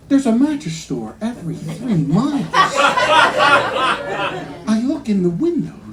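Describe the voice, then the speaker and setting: High-voiced man doing punchy stand-up. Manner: loud, punchy delivery working the crowd. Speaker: stand-up comic. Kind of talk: stand-up comedy set. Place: comedy club stage. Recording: live club recording with crowd noise.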